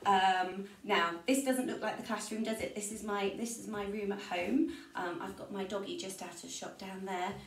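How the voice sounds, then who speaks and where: A woman teaching a music lesson to young children from her room at home, gentle and encouraging. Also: steady tone, moderate pace, few pauses. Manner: gentle, encouraging, jumps high in pitch for sung parts. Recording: roomy, distant mic in home room.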